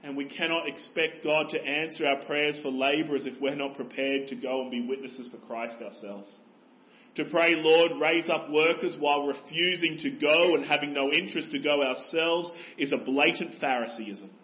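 A man's voice: fairly high pitch, normal speed, muffled recording. A man preaching a sermon as pastor, earnest and exhorting, pressing his listeners with rhetorical questions.

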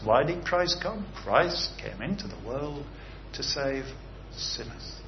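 An earnest male preacher delivers a sermon, swelling and dropping his voice for emphasis and asking his listeners questions. The recording sounds a little dull, with a faint hiss underneath. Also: fairly high pitch. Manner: earnest, rising and falling emphasis with rhetorical questions. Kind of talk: sermon ending in prayer.

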